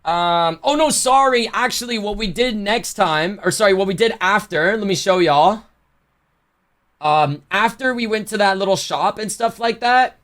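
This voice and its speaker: A man's voice: high voice, moderate pace, a bit bright. A man livestreaming, chatting casually to his viewers in a rambling, slangy way that keeps correcting itself. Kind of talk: casual chat to a stream chat.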